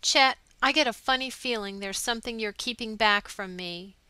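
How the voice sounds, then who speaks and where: A woman's voice: a little high, moderate pace, bright, forceful tone, clean tone, dry recording, low-quality recording. A woman reading aloud a young sweetheart's earnest, tender letter to her wounded soldier.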